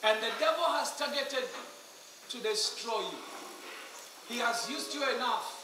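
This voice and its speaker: A man with a Kenyan accent preaching an altar call in a large hall, pleading and urgent, rising at times to shouts. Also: extremely high pitch, expressive, unhurried, background noise. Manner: urgent, pleading, switching between English and Swahili, swelling to shouts. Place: large echoing hall at a school meeting. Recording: echoey hall from far off with music.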